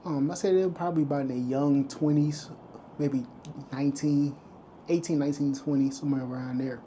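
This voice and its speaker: A man's voice: fairly high pitch, steady tone, fairly quick, warm tone, slight background noise. A man vlogging, casually retelling a story to camera and acting out the lines of the people in it. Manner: retells events loosely, acting out quoted lines.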